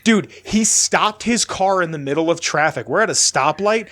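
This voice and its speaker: Young dude cohosting a podcast, higher voice, gets worked up and curses telling stories. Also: male voice, moderate pace. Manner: animated storytelling, swears freely. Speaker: podcast co-host. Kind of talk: casual chat.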